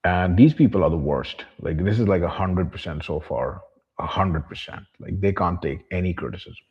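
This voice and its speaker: Talking straight to camera, a male vlogger with a husky, deep voice swears his way through a harsh monologue, speaking of himself in the third person with scorn. He goes at normal speed, and the sound is slightly muffled and lo-fi.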